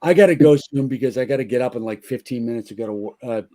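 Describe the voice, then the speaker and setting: A man with a mellow, relaxed tone tells long, rambling anecdotes. His talk is loose and profane, full of restarts and asides. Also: medium pitch, fast. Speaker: podcast guest, band member. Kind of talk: casual storytelling chat.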